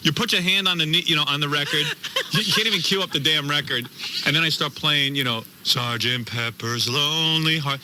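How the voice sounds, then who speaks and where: A man hosting a radio talk show, telling animated, self-mocking stories and laughing often. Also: on the high side, fast talker, very noisy. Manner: animated storytelling, slips into put-on voices.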